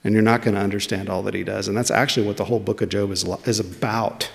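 A man's voice: lowish voice, fairly even intonation, fast talker, gravelly. A man preaching a sermon in a conversational way, putting questions to his listeners. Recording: long reverb of a large hall.

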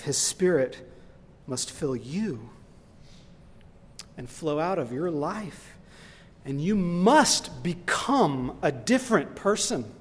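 A man's voice: on the high side, slightly rough. A man preaching a sermon, earnest and emphatic, who builds into impassioned lists and retells a story along the way. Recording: long reverb in a large hall.

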